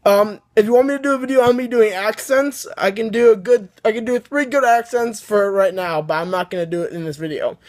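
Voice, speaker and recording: A man hosts his own video and rambles through a fan story, often stopping to restart his sentences. His voice sits fairly high for a man. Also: fairly quick, hardly any pauses. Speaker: video host. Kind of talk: casual vlog storytelling.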